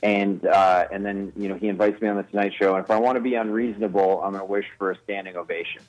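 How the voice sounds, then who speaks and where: A man's voice: fairly low pitch, fairly even intonation, fast talker, darkish tone. A man, a guest comedian, telling a self-deprecating story with restarts in a casual radio interview. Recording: slightly dull radio broadcast audio.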